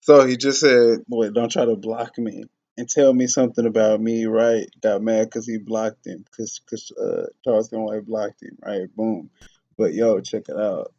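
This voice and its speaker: A man from Dallas giving reaction commentary on a clip, measured and explanatory, with fillers and self-corrections. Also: fairly low pitch, fairly even intonation, mellow, lo-fi sound. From Dallas, Texas. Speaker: rapper reacting to a video.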